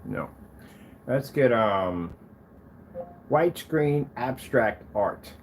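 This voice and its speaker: A man testing and showing off his own projector screens, talking casually to the camera and to himself, proud and quick to defend his product. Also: medium pitch, a little hiss or hum. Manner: animated, talks to himself as he browses.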